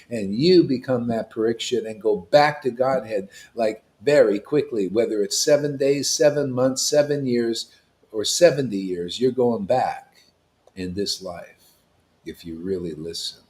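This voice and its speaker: A man preaching to a devotional gathering, emphatic and confrontational, with casual slang, swinging between loud declarations and hushed asides. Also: mid-range voice. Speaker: spiritual teacher at a devotee gathering. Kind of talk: impassioned devotional sermon.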